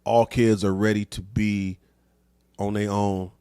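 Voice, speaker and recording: A man's voice: lowish voice, little pitch movement, unhurried, mellow, smooth, no room sound, clean studio sound. A middle-aged man hosting a casual chat show, talking loosely in slang and laughing often. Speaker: podcast host.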